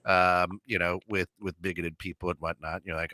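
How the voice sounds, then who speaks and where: A man with a low but bright, forceful voice co-hosts a radio talk show. He chats casually, rambling through stories with many restarts and acted-out quotes, heard close and dry. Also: fairly even intonation, normal speed, no echo. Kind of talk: casual chat.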